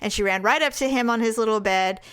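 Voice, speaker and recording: Woman podcast co-host, lively chatty storyteller with a higher voice. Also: quick pace, clear, resonant tone. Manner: chatty, animated storyteller, laughs often. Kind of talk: casual chat.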